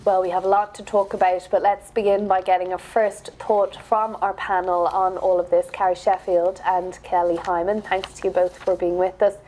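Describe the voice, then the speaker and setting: A woman news anchor reads the reports, then moderates a panel discussion. She is brisk and friendly, and her voice sits at a middle pitch. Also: level tone, warm tone, slight background noise.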